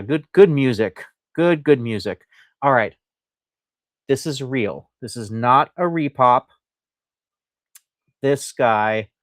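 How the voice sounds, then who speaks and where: A chatty, enthusiastic man hosts a live sale of antiques and keeps up a loose, rambling patter. His voice sits at an ordinary middle pitch. The sound is dry and close, with no room echo. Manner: chatty and enthusiastic, reads viewer comments aloud; loose and rambling, with frequent fillers. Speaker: host selling antiques on a live stream. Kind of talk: live sales presentation.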